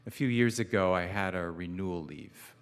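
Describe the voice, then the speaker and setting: A man delivers a conversational sermon from a church pulpit, his voice a little low. Long reverb from the sanctuary trails his words as he mixes gentle jokes with earnest points, falling soft and low on key phrases. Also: moderate pace, clear, resonant tone. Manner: conversational preaching with self-deprecating humor. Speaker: guest pastor.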